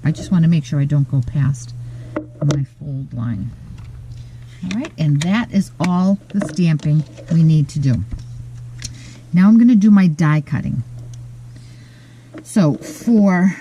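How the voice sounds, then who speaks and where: Slow, mellow-voiced woman demonstrating a craft. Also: fairly low pitch, slight background noise, rough recording. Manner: relaxed, methodical, frequent "um" pauses. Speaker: card-making tutorial host.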